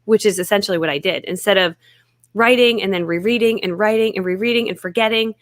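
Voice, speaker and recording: A woman's voice: medium pitch, quick pace, dry recording, clean studio sound. A woman hosting a casual live chat, talking enthusiastically about writing her book and laughing often. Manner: enthusiastic, giggly. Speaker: host.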